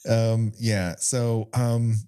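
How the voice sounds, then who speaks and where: A man's voice: mid-range voice, little pitch movement, very slow, dark tone, smooth. A man cohosting a podcast, making wry jokes and laughing often. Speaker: podcast co-host. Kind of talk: casual podcast chat.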